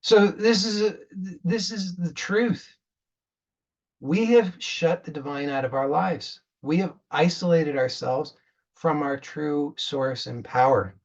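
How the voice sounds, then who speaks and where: A man's voice: a little high, steady tone, slow pace, dull audio. A man giving a spiritual talk as a coach, earnest, often repeating words and restarting as he retells a parable.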